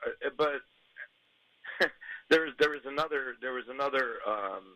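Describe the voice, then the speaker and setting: Male caller, bright forceful voice, rambling sheepish storyteller on a phone line. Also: medium pitch, moderate pace, no echo. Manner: sheepish, rambling, laughs at himself. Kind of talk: telling a story on air.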